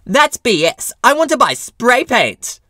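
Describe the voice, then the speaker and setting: A man's voice: extremely high pitch, big pitch swings, unhurried, sharp tone, no echo, clean studio sound, voice pushed up, exaggerated voice. A man voicing a pushy, entitled middle-aged mother who argues indignantly with a cashier. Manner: indignant, demanding, screaming at times.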